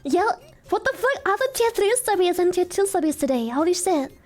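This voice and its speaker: A young adult woman streaming casually, giggly and swearing a lot as she excitedly thanks donors. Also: very high voice, brisk, faint music behind. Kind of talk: casual live-stream chat.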